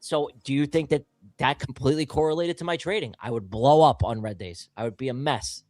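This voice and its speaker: A man's voice: medium pitch, fairly quick, darkish tone, dry recording. Blunt, swearing young man talking trading. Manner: blunt, swears freely, emphatic. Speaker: guest trader. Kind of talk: casual livestream chat.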